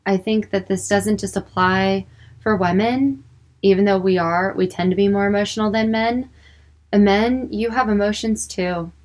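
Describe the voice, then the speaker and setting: A young woman speaking earnestly about faith and emotions in a personal, unscripted way, with lots of filler words. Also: mid-range voice. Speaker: Christian speaker.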